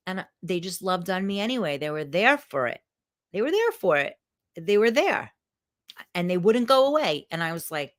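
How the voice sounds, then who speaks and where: Animated, foul-mouthed woman coaching live. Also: medium pitch, normal speed. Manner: frank, swears freely, animated storytelling. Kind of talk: live video talk to viewers.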